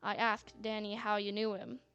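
A woman's voice: medium pitch, little pitch movement, moderate pace, a bit bright, clean tone, muffled recording. A woman narrating a story in a chatty manner, with sarcastic asides. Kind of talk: scripted narration. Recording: faint music bed.

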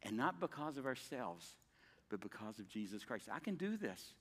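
An older man preaching a sermon as pastor, telling stories in a folksy way with dramatic pauses. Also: mid-range voice, big pitch swings, long reverb tail. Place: church sanctuary.

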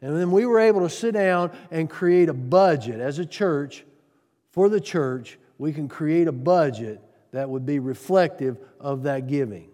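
A man preaching a sermon on giving, earnest, piling up rhetorical questions and swinging from loud to soft. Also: a little high, expressive, measured pace, in a large hall. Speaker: pastor.

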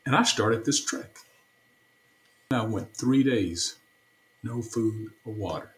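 Man, low voice, earnest testimony, repeats himself, interview guest. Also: takes it slowly, long pauses, poor audio. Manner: earnest, repetitive storytelling. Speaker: stake president, interview guest.

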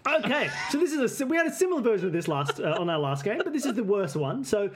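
A game master narrating a tabletop game, playful and often laughing. The pitch moves around in a lively way, neither high nor low. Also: fast talker, background noise.

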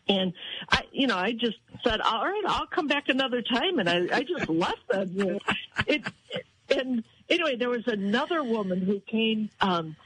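A woman tells stories in a lively, animated way on a radio broadcast. Her pitch leaps up whenever she quotes other people, then settles back into easy chat. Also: husky, rough recording. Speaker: guest. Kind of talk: casual chat.

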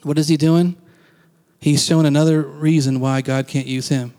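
A man's voice: on the high side, fairly even intonation, normal speed, dark tone, long reverb tail. A man giving a casual, conversational sermon as a pastor, acting out quoted lines and laughing now and then.

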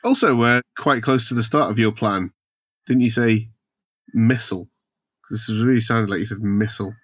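Male podcast host, forceful and raspy, deadpan questions, dry close sound. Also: on the low side, fairly quick, no echo. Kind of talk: comedic film podcast banter.

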